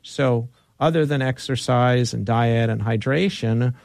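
A man's voice: medium pitch, measured pace, vocal fry, darkish tone, no room sound, studio quality. A man hosting a casual health conversation, joking and thinking aloud with restarts. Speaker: host. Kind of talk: casual interview chat.

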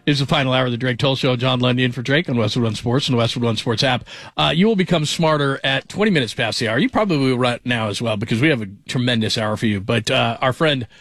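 Man, sports radio host, rambling casual chat, mid-pitched voice, dry close studio sound. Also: quick pace, a bit bright, no room sound. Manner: rambling, chatty, jumps between stories.

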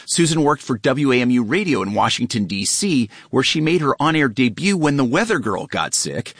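Male radio reporter, measured scripted read, dry close mic. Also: mid-range voice, very animated, a bit bright, no echo. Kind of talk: scripted news narration.

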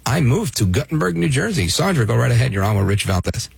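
A man's voice: mid-range voice, very animated, fast, creaky, slightly rough, no room sound. A man from Brooklyn hosting a call-in radio show, talking emphatically and often asking "right?". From Brooklyn, New York. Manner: emphatic, restarts and rhetorical "right?". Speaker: radio talk show host.

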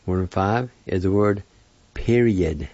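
Slow, deep-voiced man teaching pronunciation. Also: mellow, dry recording, dull audio. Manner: slow, careful, syllable-by-syllable pronunciation. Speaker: language teacher. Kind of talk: slow spelled-out language lesson.

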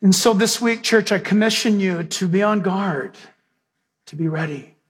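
A man's voice: high voice, normal speed, slightly rough. A pastor preaching a sermon to his church, moving from storytelling into fervent prayer with repeated praise. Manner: preaching with rising emphasis and prayer.

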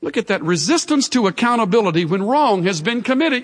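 A man preaching a sermon in an emphatic, exhorting way that swings between loud urging and hushed gravity. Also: high voice, big pitch swings, a little fast, few pauses. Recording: long hall reverb.

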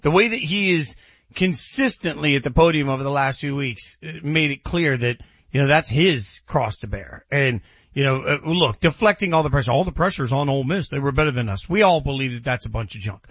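A man's voice: mid-range voice, expressive, fairly quick, a bit bright, no echo, dull audio. A man co-hosting a sports talk show, arguing his points emphatically and building them with repetition in casual debate.

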